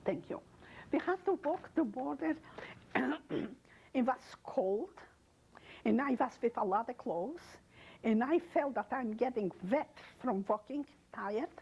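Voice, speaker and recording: An older woman speaks in a husky, breathy voice that sits a little high. She tells her story haltingly in an interview, with non-native phrasing, and she brings in the words of the people she remembers. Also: a little mellow, lo-fi sound. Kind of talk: oral history testimony.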